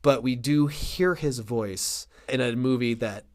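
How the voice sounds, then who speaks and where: A man co-hosting a relaxed film discussion podcast. His voice sits at an ordinary pitch, and he talks in chatty bursts with quick asides and frequent laughter. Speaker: podcast co-host.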